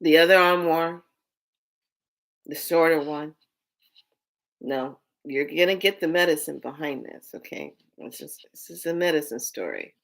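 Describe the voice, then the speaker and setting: A woman's voice: deep voice, expressive, measured pace, long pauses, a bit bright. A woman vlogger telling a personal story in a candid, emotional way, swearing freely.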